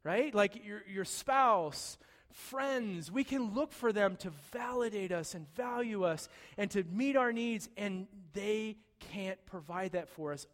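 A man preaching a sermon, retelling a story with humor and shifting from soft, serious moments to loud, excited ones. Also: sits high, in a large hall. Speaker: pastor.

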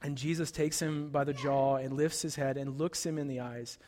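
A man's voice: medium pitch, fairly even intonation, normal speed, darkish tone. A man preaching a sermon, retelling a story in a conversational way and often checking in with "right?". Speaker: pastor. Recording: long hall reverb.

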